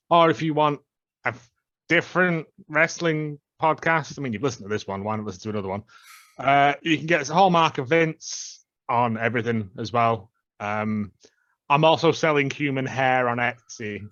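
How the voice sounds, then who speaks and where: A man's voice: on the high side, normal speed, sharp tone, no echo, muffled recording. A man co-hosting a wrestling podcast, joking and laughing as he plugs his projects. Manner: jokey, laughs often. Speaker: podcast co-host. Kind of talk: casual podcast chat.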